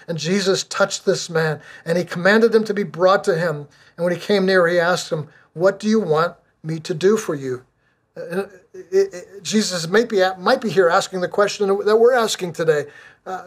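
A middle-aged man preaching a sermon as pastor. He reads scripture aloud and drives his points home with earnest, repeated refrains. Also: on the high side.

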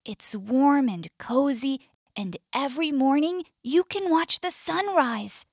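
Storybook male bird, eager and loving, high lively voice, American accent, read by a woman. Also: slow, no echo, studio quality, full character voice. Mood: tender. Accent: US English.

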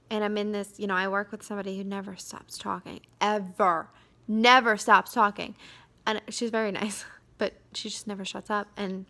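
A young woman vlogging in a quiet, hesitant way, tired and drained, with many fillers and sudden drops into a whisper. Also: medium pitch. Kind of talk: confessional vlog.

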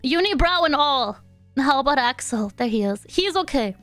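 A young woman with a high, light voice chats playfully with her viewers while she plays. She goes from teasing to gentle comfort. The sound is dry and close on a desk mic, with faint music underneath. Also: animated, moderate pace, no echo. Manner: chatty, playful and sympathetic, talking to chat. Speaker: streamer. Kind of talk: casual live-stream chat while gaming.

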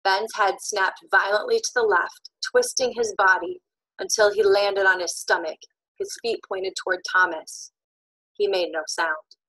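Bright, dramatic woman narrator. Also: mid-range voice, dry recording, poor audio. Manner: dramatic, shifting between loud tension and hushed suspense. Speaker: audiobook narrator. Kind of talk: expressive audiobook narration.

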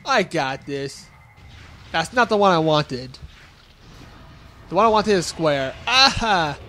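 Goofy high-voiced young man gaming. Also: expressive, measured pace, pushed and bright, a little hiss or hum. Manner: goofy, grunting and yelping at hits; jokey self-talk to the enemies. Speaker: let's play gamer. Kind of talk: casual gameplay commentary.

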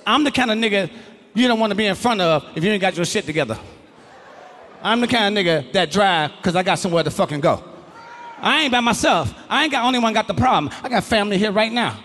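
A man doing a stand-up comedy routine on stage before a live audience, loud and profane, yelling his punchlines. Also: sits high, expressive, fast. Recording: live crowd, noisy hall.

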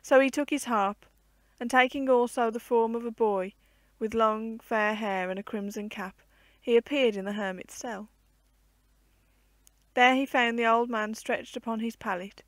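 A woman narrating an old fairy tale aloud in a measured, clear storybook reading. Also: fairly high pitch, no room sound.

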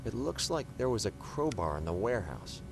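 A matter-of-fact game hero. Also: male voice, fairly low pitch, a little fast, creaky. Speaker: video game character. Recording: game audio with steady background noise.

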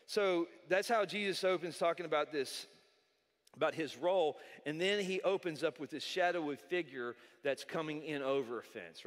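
Male pastor, fairly high voice, chatty sermon, repeats words, long church reverb. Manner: conversational preaching with repetitions and jokes. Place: large church hall. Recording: hall reverb.

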